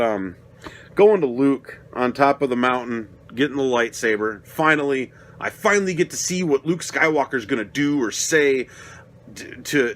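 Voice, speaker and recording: A man's voice: mid-range voice, slight background noise. A young adult man giving a casual, rambling spoken film review, swearing often and getting worked up as he talks. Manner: rambling, profane, gets worked up and loud. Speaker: movie reviewer.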